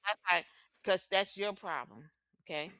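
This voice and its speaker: A woman's voice: on the low side, lively intonation, unhurried, sharp tone, dry recording. A woman co-hosting a podcast, talking in a blunt, emphatic way and swearing freely. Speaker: podcast co-host. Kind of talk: casual opinionated chat.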